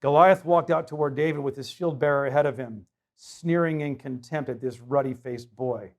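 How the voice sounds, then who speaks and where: A man's voice: medium pitch, moderate pace, darkish tone. A man preaching a sermon as pastor, emphatic and conversational, putting rhetorical questions to his congregation.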